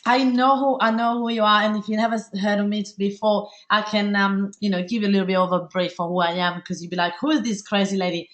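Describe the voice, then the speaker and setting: A woman from Italy with an Italian accent, hosting a live webinar in a fast, bubbly, chatty way with many fillers. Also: medium pitch, steady tone, fairly bright tone. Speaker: webinar host.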